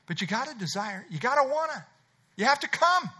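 A man's voice: very high voice, sing-song, a little fast, bright, forceful tone, breathy edge. A middle-aged man preaching an expository sermon, emphatic and conversational, repeating his key phrases. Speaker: pastor.

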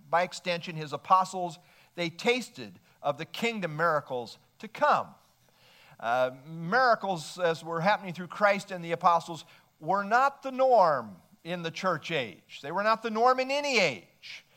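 Male pastor, higher register, measured expository sermon delivery. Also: expressive, pushed and bright. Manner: measured, expository preaching with verse citations.

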